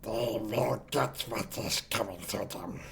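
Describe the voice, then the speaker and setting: A raspy, hissing Gollum. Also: male voice, lowish voice, slow pace, a bit bright, voice pushed down, full character voice. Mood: bitter. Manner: muttering, slipping into harsh whispers. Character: wretched hissing cave creature, paranoid and spiteful.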